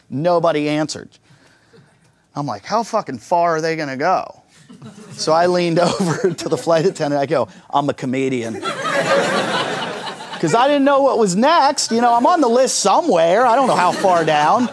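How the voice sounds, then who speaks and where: A man's voice: on the high side, animated, a little fast, slight background noise. A man doing a stand-up comedy set, telling crude stories in a conversational way and acting out the voices of the people in them. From United States.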